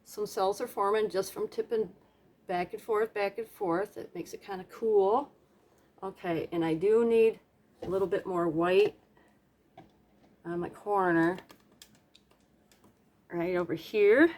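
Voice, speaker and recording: A woman talks her way through a messy craft project in a relaxed, chatty voice. She pokes fun at herself and tosses in little hums and silly sound effects as she works at her table at home. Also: medium pitch, a little slow, long pauses. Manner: chatty, self-deprecating, hums and makes playful sound effects. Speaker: craft vlogger. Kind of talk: casual narration while painting.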